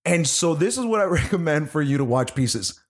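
Animated, cursing man reviewing a film. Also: fairly high pitch, a little fast. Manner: animated, profane, laughing storyteller. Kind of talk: casual movie review chat.

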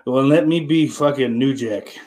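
A man's voice: mid-range voice, normal speed, a little mellow. Profane rambling male streamer. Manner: profane, rambling, teasing viewers. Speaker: livestream host reading chat. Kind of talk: casual live-stream chat.

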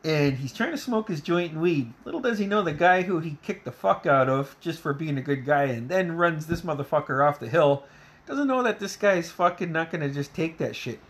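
A man's voice: on the high side, lively intonation, moderate pace, a bit bright. Guy swearing nonstop while he recaps a movie, rambly, does little voices for the quotes. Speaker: movie reviewer. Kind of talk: casual profane movie recap.

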